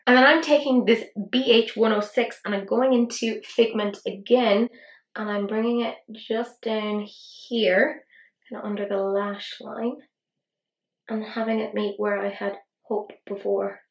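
An Irish woman in her thirties chatting casually through a makeup tutorial, self-mocking and quick with soft asides. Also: mid-range voice, fairly even intonation, echoey room, low-quality recording. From Ireland. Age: 30s. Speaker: beauty vlogger.

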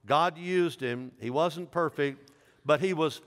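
Speaking slowly in a voice on the high side, a middle-aged man preaches as pastor in a large sanctuary. He keeps the sermon folksy and conversational, cracking jokes as he goes, with the sound echoing through a reverberant church hall.

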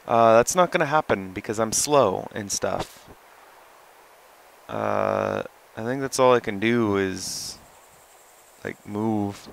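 A young man giving casual gameplay commentary, goofy and swearing, who often jumps into high excited yelling. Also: slow, gravelly, pauses often, rough recording. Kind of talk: casual let's-play commentary.

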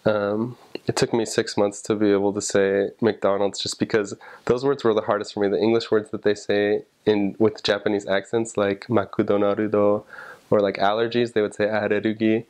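Low, flat-voiced young man explaining Japanese. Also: normal speed. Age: young adult. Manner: relaxed, thinking aloud with fillers and examples. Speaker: returned missionary explaining Japanese. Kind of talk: casual explanation to camera.

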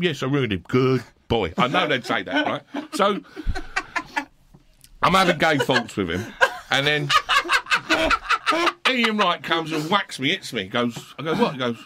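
A man's voice: medium pitch, very animated, normal speed, bright, forceful tone, a little hiss or hum. A middle-aged man, a podcast guest telling a rowdy, swearing anecdote and acting out the other people's voices. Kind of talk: storytelling anecdote.

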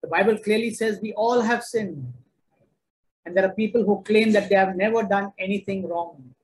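A man's voice: high voice, moderate pace, low-quality recording. A man preaching a sermon, emphatic and repetitive, driving each point home.

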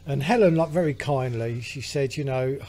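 A man's voice: mid-range voice, moderate pace, darkish tone. A British man, a podcast co-host, telling a long rambling story in casual chat with lots of fillers. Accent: British English.

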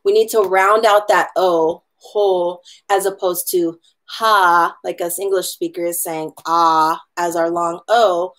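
A woman from Hawaii teaching an online hula class, explaining pronunciation in a chatty, encouraging way and slowing down to spell words out letter by letter. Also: lowish voice, steady tone. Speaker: hula instructor.

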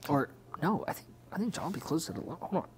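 A man's voice: on the high side, lively intonation, racing. Laid-back young man chatting, laughing easily. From Pacific islands heritage, Filipino. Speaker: podcast co-host. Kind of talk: casual chat.

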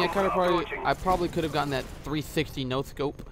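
A man's voice: on the high side, quick pace, crowd noise. A man giving casual gameplay commentary as a gaming YouTuber, rambling with many filler sounds and swearing at the game, recorded on a headset mic.

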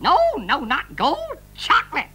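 Ben Gunn, shrill mad castaway. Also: huge pitch swings, measured pace, heavily acted. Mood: secretive delight. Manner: cackling, shouting, gleeful. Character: mad old male castaway pirate, cackling. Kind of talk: children's puppet show.

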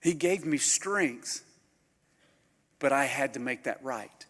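A man, a pastor preaching a storytelling sermon that swings from loud bursts to hushed near-whispers. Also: mid-range voice, lively intonation, slow. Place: conference hall. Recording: live hall recording with long reverb.

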